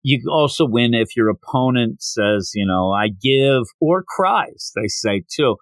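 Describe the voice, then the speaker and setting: A man talks through a manga chapter in a casual podcast recap, his voice swinging widely up and down. He throws in quick voices for the characters as he goes. The sound is close and dry. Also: mid-range voice, no echo. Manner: animated, acts out characters' lines in quick voices. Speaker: podcast host.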